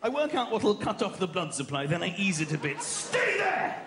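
A man doing a stand-up comedy routine, acting out noisy family scenes with big, animated delivery. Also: sits high, a little fast. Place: comedy stage before a large audience. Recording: played comedy clip, roomy venue, loud audience laughter.

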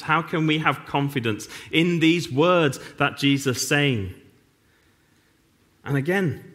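Middle-aged pastor, animated sermon delivery, wry sarcastic asides. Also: male voice, mid-range voice. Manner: wry, self-mocking humor with sarcastic asides.

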